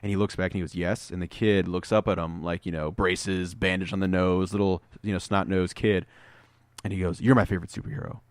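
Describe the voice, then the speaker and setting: A man co-hosting a podcast, retelling comic book scenes as an animated storyteller in casual chat. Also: sits low, brisk, clear, resonant tone, no echo. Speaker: podcast co-host.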